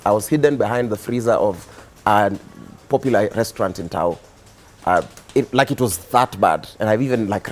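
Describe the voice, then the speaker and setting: A young Kenyan man speaks as a talk show guest in a mid-range voice. He tells his story in a relaxed, meandering way. He leans on fillers as he goes. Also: medium pitch. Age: young adult. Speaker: guest, activist and musician. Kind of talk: casual interview storytelling.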